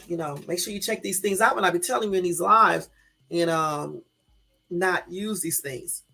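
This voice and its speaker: A woman's voice: fairly low pitch, creaky, fairly bright tone, breathy edge. A woman hosting a casual live stream, reading out news and talking straight to her viewers with emphatic, exasperated asides. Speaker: YouTube live-stream host. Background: faint background music.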